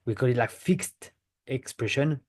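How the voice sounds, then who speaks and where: A man's voice: mid-range voice, a little slow, a little mellow. Man, French accent, native French speaker, language teacher, patient step-by-step explanations, frequent check-ins. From France. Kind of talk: pronunciation lesson to camera.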